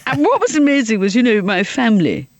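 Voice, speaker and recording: A woman from Liverpool tells comic stories as an interview guest, her pitch swooping up and down as she talks. She laughs through her lines often. The sound is close and dry, with no room echo. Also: big pitch swings, quick pace, a little mellow. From Liverpool, England. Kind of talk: anecdotal storytelling.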